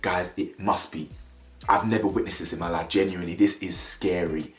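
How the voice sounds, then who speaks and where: A man's voice: deep voice, moderate pace, faint music behind. Ranting man in echoey room. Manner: animated, blunt, ranting with slang. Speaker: reality TV commentator. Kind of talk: opinionated reaction commentary.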